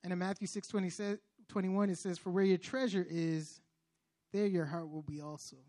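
High-voiced young man preaching his testimony. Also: steady tone, normal speed. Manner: earnest, preacherly, with many restarts and sudden loud emphatic bursts. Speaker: speaker giving testimony. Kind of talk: testimony sermon.

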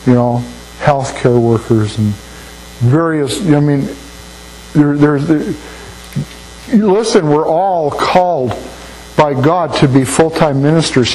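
A man's voice: mid-range voice, unhurried, darkish tone, low-quality recording. An older man preaching a sermon in a folksy, anecdotal way, often repeating words as he thinks. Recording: faint mains hum.

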